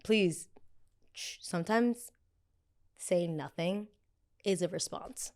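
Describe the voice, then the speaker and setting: A young woman hosting a pop culture podcast in a blunt, gossipy, animated chat style. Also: fairly low pitch, slow pace. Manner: animated, gossipy and blunt, with frequent quoted voices. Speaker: podcast host.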